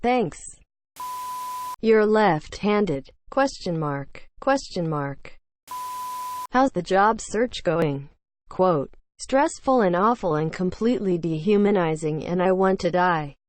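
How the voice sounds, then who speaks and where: A woman's voice: lowish voice, animated, takes it slowly. A woman reading forum posts aloud in a dry, matter-of-fact scripted narration.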